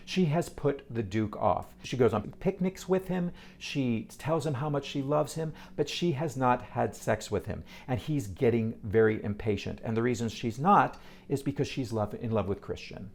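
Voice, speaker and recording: A man reviewing a stage musical in a casual, animated way, with exasperated asides and quick restarts. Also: mid-range voice, vocal fry. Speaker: theater reviewer.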